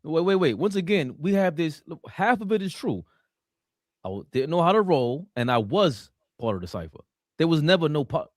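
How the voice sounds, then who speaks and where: Lively New man, joking banter. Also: on the high side, moderate pace, dry recording, studio quality. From New York (Queens). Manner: animated, joking, acts out quoted friends. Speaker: podcast co-host. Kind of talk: casual podcast chat.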